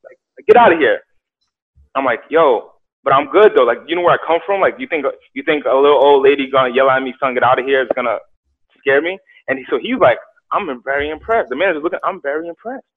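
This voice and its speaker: Animated young man on a tinny line. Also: medium pitch, quick pace. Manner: animated, acts out quotes, repeats words. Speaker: guest telling his story. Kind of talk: casual storytelling on a podcast. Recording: tinny phone-like sound.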